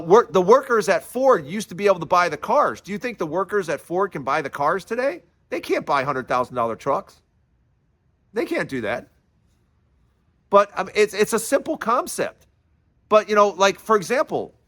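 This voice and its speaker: Woman commentator, heated indignant rant, pitch swinging widely. Casts a fired-up political vlogger. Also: a bit bright. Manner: indignant, emphatic ranting.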